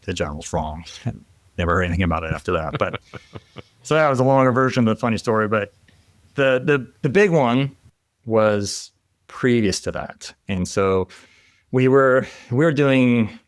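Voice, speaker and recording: A podcast guest, a middle-aged man who was a military helicopter pilot, tells a war story in a voice on the low side at a moderate pace. He stays casual and animated, laughing and restarting often, in clean studio sound without echo.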